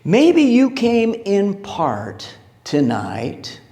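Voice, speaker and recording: Preaching very slowly in a mellow, high voice whose pitch swoops wildly, a male pastor shares stories and questions the congregation. The recording echoes through a church hall.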